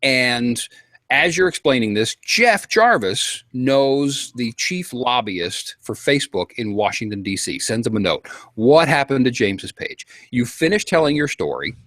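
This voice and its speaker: A man telling a long story to a panel in a casual, animated way, acting out quotes and getting worked up. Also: medium pitch, unhurried, no room sound.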